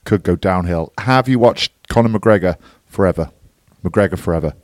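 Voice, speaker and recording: Deep-voiced man bantering. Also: dry recording, clean studio sound. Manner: teasing, quick banter. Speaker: podcast co-host. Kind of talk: casual chat.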